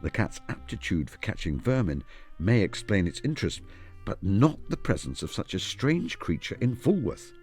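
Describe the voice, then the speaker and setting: An actor playing a retired elderly male detective in a video game, speaking in a measured, formal, deductive way. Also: lowish voice, sing-song, darkish tone, husky. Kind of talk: game voice acting. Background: game music.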